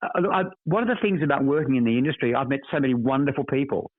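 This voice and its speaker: A man's voice: medium pitch, lively intonation, racing, dry recording. An older Australian actor telling stories as a podcast guest, expansive and repeating words as he searches for them. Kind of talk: casual interview anecdotes. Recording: dry tinny phone-like line.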